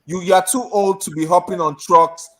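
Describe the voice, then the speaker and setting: Male co-host, lively and exclamatory, talking politics casually. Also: high-pitched, moderate pace. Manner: animated, exclaiming. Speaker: podcast co-host.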